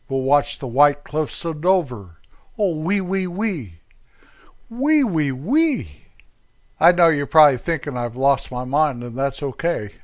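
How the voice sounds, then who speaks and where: An older American man telling light, joking stories on his own show, now and then squeaking out mock French exclamations. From United States. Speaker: podcast host. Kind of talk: humorous storytelling monologue.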